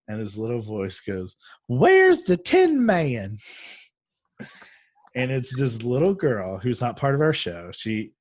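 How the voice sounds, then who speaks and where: A man's voice: lowish voice, a little mellow, no room sound. A man hosting a casual chat, rambling through a story with many fillers and restarts. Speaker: podcast host. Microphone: video call.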